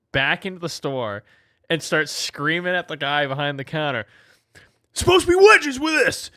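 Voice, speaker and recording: A man on a podcast telling a quick anecdote in casual chat, animated and restarting his sentences. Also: medium pitch, clean tone, no echo, studio quality. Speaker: podcast co-host. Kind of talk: casual storytelling.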